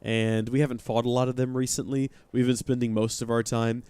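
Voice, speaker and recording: A man's voice: mid-range voice, little pitch movement, brisk, darkish tone, smooth, no room sound. A man chatting and joking while playing a game live, talking to his viewers. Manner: chatty, joking, reads chat aloud. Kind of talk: live let's-play commentary.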